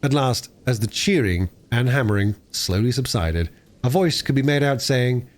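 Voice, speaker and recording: A man reads a classic storybook aloud in one unpolished take. His voice is mid-pitched and animated, rising and falling freely as he tells the tale. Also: normal speed. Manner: lively, expressive storytelling with small slips. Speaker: audiobook reader. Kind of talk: unabridged cold reading of a classic novel.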